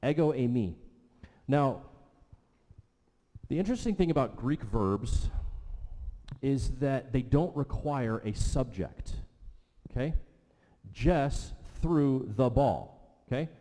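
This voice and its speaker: A man's voice: medium pitch, animated, slow, warm tone. A middle-aged man teaching a sermon to a congregation, chatty and often checking in with "okay" and "right". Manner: conversational, repeats okay and right. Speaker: pastor. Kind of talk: sermon teaching with audience questions. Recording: long hall reverb.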